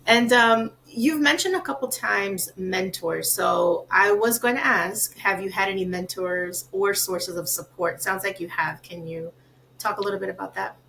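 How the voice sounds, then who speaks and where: A woman's voice: medium pitch, normal speed, creaky, a bit bright, slight background noise, low-quality recording. A woman hosting an interview podcast, chatty and relatable, asking friendly follow-up questions. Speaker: podcast host. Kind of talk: casual interview conversation.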